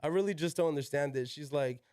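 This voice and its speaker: Smooth-voiced man telling stories, slangy. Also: fairly high pitch, quick pace, a little mellow, dry recording, studio quality. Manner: slangy, peppered with "yo" and "like", swears freely. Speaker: podcast guest. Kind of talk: casual storytelling.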